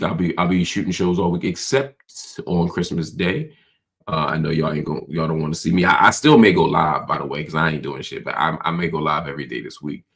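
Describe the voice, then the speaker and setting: A man hosting a casual nightly livestream show, slightly hoarse from a cold, talking loosely and calling his viewers y'all. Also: deep voice. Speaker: host.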